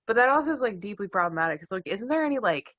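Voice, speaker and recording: A young woman co-hosting a casual podcast, animated, jokey and swearing as she rants. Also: mid-range voice, very fast, dry recording. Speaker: podcast co-host. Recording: dull lo-fi dry sound.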